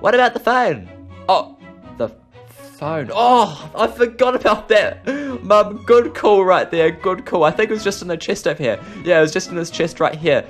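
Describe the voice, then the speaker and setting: A young man, excitable and chatty, hosting an improvised game role-play. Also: high voice, normal speed. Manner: excitable, chatty, lots of laughs. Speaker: video host. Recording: faint music behind.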